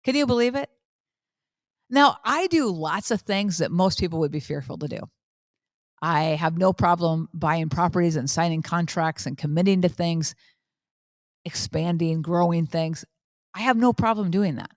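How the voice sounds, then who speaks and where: A woman in her fifties, a podcast host, talks candidly and with animation. Her voice sits low for a woman. The recording is close and dry, with no room sound. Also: normal speed, no room sound. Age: 50s. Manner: candid, animated storytelling with repetition. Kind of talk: casual faith talk.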